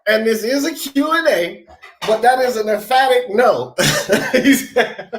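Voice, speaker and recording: A man's voice: very high-pitched, expressive, measured pace, reverberant, slight background noise. A man hosting a casual live sports talk show, slangy and emphatic, laughing often. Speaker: show host.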